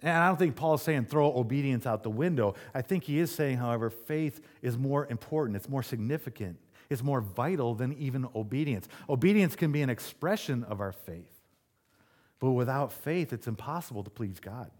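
A man pastor giving a conversational sermon, telling stories and getting more animated as he goes. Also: normal speed. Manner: conversational preaching, storytelling, rises in pitch when animated.

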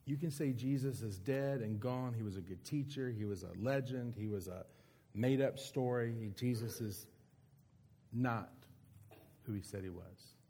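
A man preaching an earnest, emphatic sermon with dramatic pauses. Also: medium pitch, dark tone, slight background noise. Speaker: pastor.

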